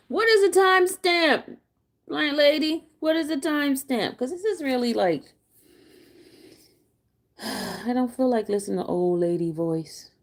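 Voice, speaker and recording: A woman's voice: medium pitch, gravelly, mellow, husky. A woman co-hosting a casual livestream, blunt and teasing as she talks back to the chat.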